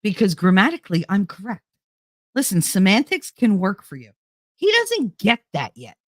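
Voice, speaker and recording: Here the same YouTube host talks at a normal speed in a mid-range voice whose pitch swoops wildly. She rambles and jokes with her viewers, laughing often, and there's no room sound at all.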